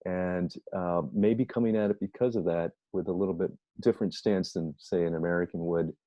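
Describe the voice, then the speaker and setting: Deep-voiced man giving a lecture. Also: steady tone, brisk, no echo. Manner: explanatory, asks and answers his own questions. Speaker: instructor. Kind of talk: recorded lecture. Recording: dull lo-fi recording.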